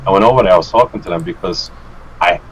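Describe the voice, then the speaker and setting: A man's voice: sits low, fast, slightly rough, rough recording. A man telling a casual, profane story as a guest on a live stream, acting out his own outbursts. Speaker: guest vape reviewer.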